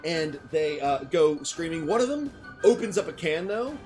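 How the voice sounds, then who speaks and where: Brief: man, game master for a tabletop game, halting and full of ums, lively pitch, faint music behind. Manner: hesitant, full of ums, laughs often.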